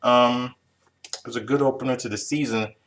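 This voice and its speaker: A man's voice: mid-range voice, fairly even intonation, normal speed, fairly bright tone. A man casually recapping a TV episode for a review video, rambling, chuckling and restarting sentences. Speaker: TV show reviewer.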